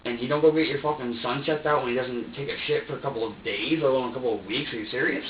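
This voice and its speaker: A suspect being questioned, this man talks fast in a medium-pitched voice through a long, rambling story, swearing freely, stumbling over restarts and voicing his past thoughts. Seated well back from the mic in a bare interrogation room, he sounds distant, reverberant and muffled, with slight background noise.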